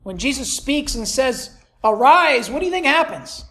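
A pastor preaching a sermon, reading scripture aloud and swinging dramatically from soft to loud with rhetorical questions. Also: sits high, sing-song, normal speed. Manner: reads scripture in King James wording.

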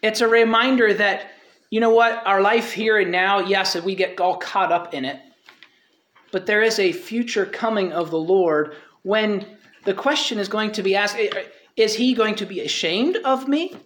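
A man's voice: high voice, fairly even intonation, moderate pace, fairly bright tone. A man preaching a sermon in a conversational way, quoting scripture and asking his listeners rhetorical questions.

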